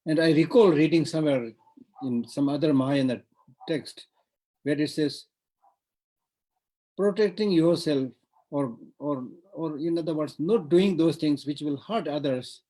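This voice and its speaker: A man's voice: a little high, measured pace, pauses often, warm tone, low-quality recording. A man with a Tibetan accent giving an online Buddhist teaching, talking in a discursive way with repeated words and frequent "you know".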